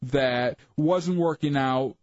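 A young man with an average-pitched voice chats in a relaxed, joking way as co-host. The recording sounds dull and lo-fi in a dry room. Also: slow pace, dry recording. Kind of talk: casual chat.

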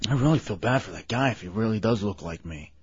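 Quick-talking and animated, this husky, lowish-voiced male radio host keeps the morning-show banter light, joking around, laughing often, and reading out phone numbers. His studio mic gives a dry, dull lo-fi broadcast sound with no trace of the room.

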